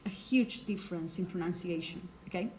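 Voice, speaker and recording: A woman's voice: lowish voice, brisk, dark tone, a little hiss or hum. A woman whose first language is Spanish, teaching a phonetics lecture to a class and checking in with "okay?" as she explains.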